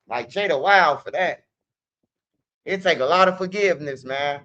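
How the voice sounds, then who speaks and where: Man, fairly high voice, rambling profane monologue, dull lo-fi recording. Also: normal speed, pauses often, pushed and bright. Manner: profane, rambling street talk. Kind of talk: casual monologue to camera. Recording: dull lo-fi sound.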